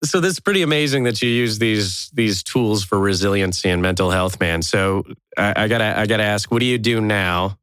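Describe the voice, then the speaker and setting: A male podcast co-host with a fairly low voice, keeping the chat going with encouragement and agreement. The sound is close and dry. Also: a bit bright, clear, resonant tone, no room sound. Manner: encouraging, quick to agree and laugh.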